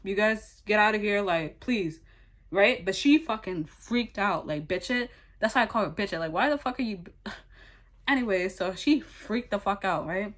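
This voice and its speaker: A young woman recounting a story straight to camera in a loose, rambling way. She talks casually, piles on fillers and curse words, and keeps the telling animated. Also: mid-range voice, moderate pace. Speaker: vlogger.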